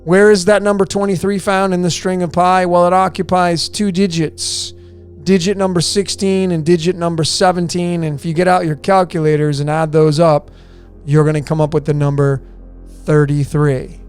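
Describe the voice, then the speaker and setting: A man's voice: high voice, little pitch movement, normal speed, smooth, soft background music. A man presenting a conspiracy-style decoding video, emphatic and repetitive, firing off rhetorical questions and answering them himself.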